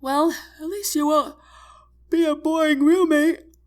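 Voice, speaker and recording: A woman's voice: mid-range voice, sing-song, normal speed, a bit bright. A woman voicing a drowsy, teasing young woman roommate in an audiobook, mumbling playfully. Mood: sleepy teasing.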